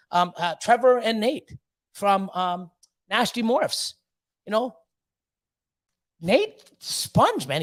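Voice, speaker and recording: A middle-aged man hosting a livestream, talking in an excitable, profane rush and jumping into high squealing bits. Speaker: livestream host. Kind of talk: casual livestream chat.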